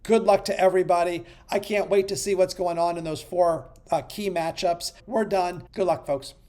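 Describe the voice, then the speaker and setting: A man hosting a podcast, counting down rankings, swinging between hyped shouting and muttered asides. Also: high voice, fairly even intonation, normal speed. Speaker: podcast host.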